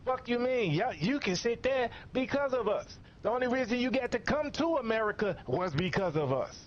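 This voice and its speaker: A man's voice: very high-pitched, big pitch swings, normal speed. A man delivering a profane, scolding commentary rant in a lo-fi recording. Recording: muffled lo-fi recording.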